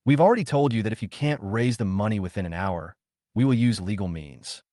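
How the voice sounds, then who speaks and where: Man reading an icy, formal woman executive in a recap, low-pitched, dry close sound. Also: expressive, fairly quick, mellow, no echo, lightly acted. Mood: cold, formal. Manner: curt, formal, matter-of-fact. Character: cold, businesslike woman executive. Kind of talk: story recap narration.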